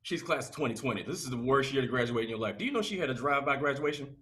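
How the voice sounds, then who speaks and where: A young adult man doing a stand-up comedy set, telling loose, animated stories and laughing often. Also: medium pitch, very fast.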